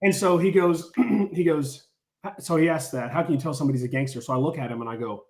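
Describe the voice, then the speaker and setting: A man casually telling a story, animated and full of filler words, acting out what people said. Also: fairly high pitch, quick pace, echoey room. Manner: animated, lots of "like", acts out quotes. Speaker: storyteller on a podcast.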